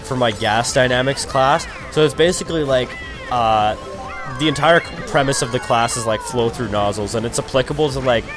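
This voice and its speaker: A man's voice: medium pitch, normal speed. A young man rambling through casual gaming commentary, profane and over-caffeinated, with sudden raging outbursts. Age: young adult. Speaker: let's play commentator. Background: game music.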